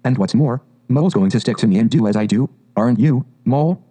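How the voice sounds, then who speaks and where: A man's voice: medium pitch, fast, warm tone, close to an everyday voice. A man voicing a sensible, stubborn male water rat who speaks in a dry, blunt way.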